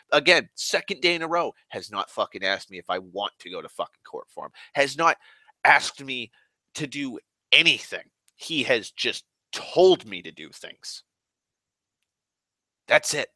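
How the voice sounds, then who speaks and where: A man's voice: medium pitch, bright, forceful tone, no room sound, studio quality. A man angrily telling a story to camera, swearing constantly and repeating himself for emphasis. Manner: angry, heavily profane ranting; dramatic pauses and repetition. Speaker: online ranter. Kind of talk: casual storytelling rant.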